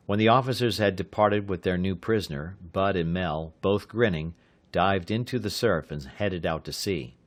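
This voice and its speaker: A man reads an adventure audiobook with a fairly low voice. His narration is steady and measured, keeping an even pace through the action. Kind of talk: scripted narration.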